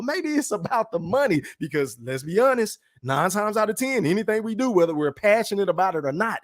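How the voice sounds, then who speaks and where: A man's voice: a little high, no room sound, studio quality. A man hosting his own podcast livestream, talking in a blunt, profane casual rant from his room and tagging his points with "right?". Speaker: podcast host.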